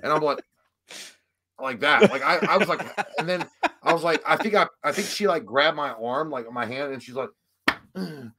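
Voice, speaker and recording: Guy w a high voice rambling thru a wild story, swearing a lot, yelling out the other people's lines. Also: animated, normal speed, creaky. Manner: rambling, profane, acts out voices loudly. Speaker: podcast co-host. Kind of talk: casual storytelling chat.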